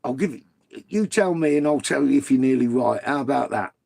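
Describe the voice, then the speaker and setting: A man's voice: medium pitch, animated, fairly quick, vocal fry, a little mellow. A middle-aged man, chatting casually on a live stream, swearing freely and bantering with viewers. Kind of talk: casual live-stream chat reading comments.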